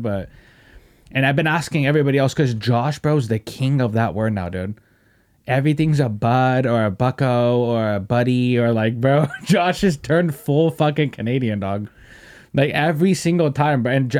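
A young man hosts a casual podcast and tells stories loosely, cursing freely and laughing as he goes. His voice sits at an ordinary middle pitch. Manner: animated, profane storytelling with laughs. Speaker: podcast host.

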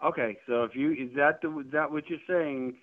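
A man's voice: a little high, moderate pace. A man complaining over the phone, indignant and sputtering, repeating himself. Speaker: prank call target. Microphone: telephone. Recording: tinny phone line.

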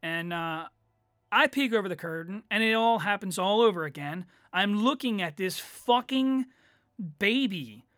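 A man tells a story on his own podcast. He rambles and swears constantly, leaning on fillers. His voice is bright and forceful, and the recording is close and dry. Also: high-pitched, expressive, unhurried, dry recording. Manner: rambling, profane, lots of fillers. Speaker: podcast host. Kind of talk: casual solo storytelling.

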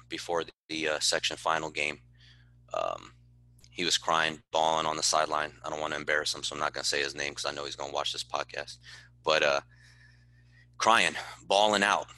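A football head coach answers podcast interview questions earnestly and passionately, repeating words to stress a point. He has a bass voice with a sharp tone, recorded dry.

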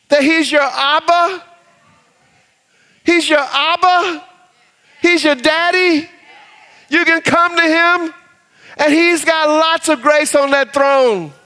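Pastor, male, high bright voice, slow deliberate animated sermon delivery with acted-out quotes. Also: big-room sound. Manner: animated preaching, acts out quotes in different voices; drops to a low soft voice when reading scripture.

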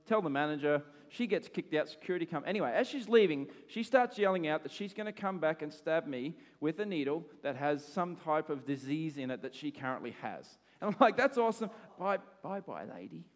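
A middle-aged pastor preaches, telling his own stories with animation and acting out his shouts. His voice sits a little high for a man. It rings with the long reverb of a large hall. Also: animated, fairly quick, few pauses. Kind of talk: sermon with personal stories.

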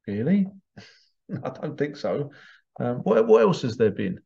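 Man with a dark, dull voice. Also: mid-range voice, big pitch swings, slow pace, creaky. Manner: rambling and emphatic, repeats himself. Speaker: hypnotherapist giving his views. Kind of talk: casual monologue. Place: small stuffy room. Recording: slightly dull lo-fi sound.

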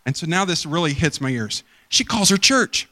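In a reverberant church sanctuary, a male pastor tells stories through his sermon at a moderate pace. His fairly high voice is expressive and sharp-edged, and he wanders conversationally while giving voice to each character he describes.

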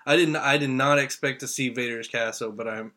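A man from Indiana talks eagerly on a casual podcast, rambling through his thoughts. His voice is bright and clear, sitting at a middle pitch. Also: brisk. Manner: excited, rambling fan talk. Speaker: podcast co-host. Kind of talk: casual chat.

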